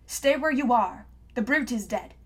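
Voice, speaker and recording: A woman reading an audiobook, voicing a tall, smug male engineer who gives sharp, menacing commands. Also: a little high, expressive, unhurried.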